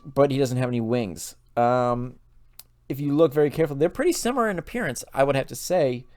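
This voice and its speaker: A man's voice: mid-range voice, a little mellow, smooth, no echo. A man hosting a lore channel, retelling a story casually with loose fillers and restarts.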